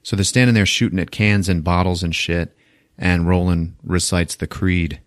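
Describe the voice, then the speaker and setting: A man's voice: low-pitched, steady tone, moderate pace, no room sound, studio quality. A man hosting a podcast, recapping a movie in a laid-back, swearing, laughing way. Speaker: podcast host.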